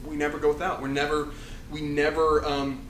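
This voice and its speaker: A man's voice: a little high, monotone, fairly quick, a bit bright, slight background noise. Man preaching in an echoey room. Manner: conversational preaching with restarts and self-corrections. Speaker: campus ministry pastor. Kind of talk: sermon. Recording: echoey room with faint ambience.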